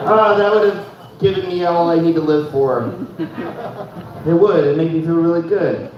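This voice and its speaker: A young man doing stand-up in a loose, chatty way, with a fairly high voice. He keeps tossing in "dude" and chuckles at his own lines. The sound is very echoey, dull and picked up from a distance, with faint noise behind it. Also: normal speed, pauses often. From Fargo, North Dakota. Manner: casual, says "dude" constantly, laughs at own jokes. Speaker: stand-up comedian. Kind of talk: stand-up comedy set. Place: live comedy show in a room. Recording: echoey room, mic heard from far, dull.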